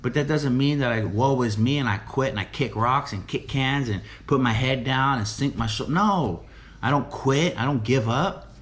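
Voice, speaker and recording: A man's voice: mid-range voice, normal speed, a bit bright. A middle-aged man giving an earnest, emphatic motivational talk about faith and recovery, often repeating phrases and asking "right?". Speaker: recovery home director and preacher.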